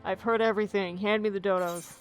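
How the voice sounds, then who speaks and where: A woman's voice: mid-range voice, steady tone, fairly quick, faint music behind, natural voice. Weird sheep and bird loving rancher guy from a game, a woman reads him out, plain midrange voice. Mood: doting. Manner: reads the lines aloud in a plain, lightly amused voice. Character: eccentric male rancher doting on his livestock.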